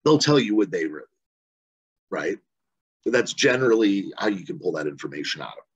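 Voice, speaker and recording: A man's voice: sits low, lively intonation, fairly quick, slightly rough, dry recording, dull audio. A man coaching volunteers on phone banking in a casual virtual training, talking conversationally with lots of fillers and "right?" checks. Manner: conversational, rambling, many fillers and "right?" asides. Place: home room, virtual session. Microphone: video call mic.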